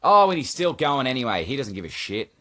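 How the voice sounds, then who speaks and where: A man's voice: medium pitch, very animated, brisk, bright, forceful tone. A man hosting a casual solo podcast check-in from home, rambling and swearing, mocking himself and scolding his cat. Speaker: podcast host.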